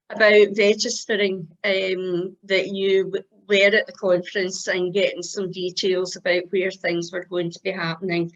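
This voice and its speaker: A woman's voice: medium pitch, fairly bright tone. A woman chatting casually through a report on a video call, with frequent ums. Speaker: Rotary club member giving a convention report. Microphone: video call microphone. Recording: dull video call audio.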